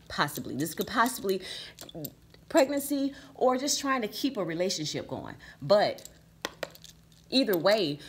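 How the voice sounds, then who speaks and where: A woman's voice: on the low side, slight background noise. A woman reading tarot cards for her viewers, emphatic and repeating "okay?" and "right?" as she goes. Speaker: tarot reader.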